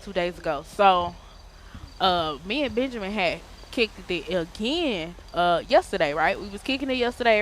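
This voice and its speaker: A woman's voice: medium pitch, a bit bright, a little hiss or hum. Slangy woman telling a storytime tale. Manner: slangy, profane, rambling retelling with quoted dialogue. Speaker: roleplay gamer telling a story. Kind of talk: casual storytime.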